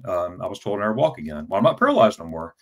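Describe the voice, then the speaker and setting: Fifties male, lowish pitch, casual storyteller, stammers and repeats words. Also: very animated, very fast. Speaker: travel vlogger telling his story as an interview guest.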